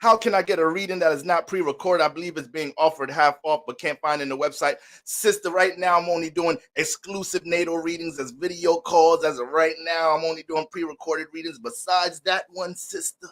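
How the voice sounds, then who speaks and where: A man's voice: on the high side, fairly even intonation, fairly quick, few pauses, a bit bright. A man hosting an astrology livestream, greeting viewers by name in playful mock-preacher banter.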